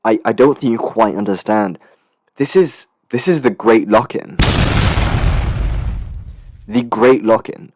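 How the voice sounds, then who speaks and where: A young man in his late teens from England, hosting a casual solo podcast in a rambling, swearing, animated storytelling way. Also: fairly low pitch, slow, pauses often, background noise. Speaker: podcast host. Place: student accommodation room.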